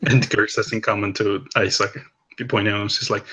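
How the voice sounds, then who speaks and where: Husky, bright-voiced man at a tabletop game. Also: on the low side, steady tone, normal speed, rough recording. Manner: giggly, narrating own actions. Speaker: player. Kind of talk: casual tabletop play.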